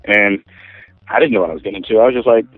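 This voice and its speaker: Guy rambling through a story real fast, dry tinny phone sound. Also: fairly low pitch, dry recording. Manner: rambling, with many restarts and acted-out quotes. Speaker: guest. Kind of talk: casual storytelling. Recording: tinny phone line, faint music.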